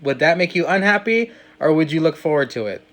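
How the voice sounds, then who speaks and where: A man's voice: fairly high pitch, lively intonation, fairly quick, fairly bright tone. A man hosting a casual podcast, teasing his guest and posing questions. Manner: playful, teasing, asks questions. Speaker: podcast host.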